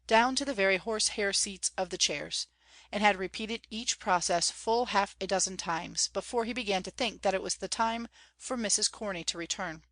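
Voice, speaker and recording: A woman reads a classic novel aloud in a measured, clear storytelling manner. Her voice sits at an ordinary middle pitch. The recording is dry and close to the mic. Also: fairly bright tone, dry recording. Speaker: audiobook reader. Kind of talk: audiobook narration.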